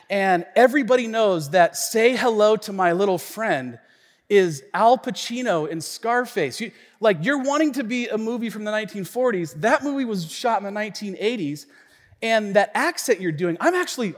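Guy pastor preaching and telling a funny story, acts out everyone's lines, fairly high voice, big church hall echo. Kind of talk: sermon with a story. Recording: long reverb of a church hall.

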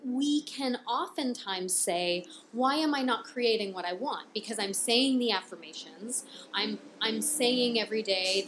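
A woman from Canada co-hosting a podcast, chatting casually and laughing easily. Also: mid-range voice. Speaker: podcast co-host.

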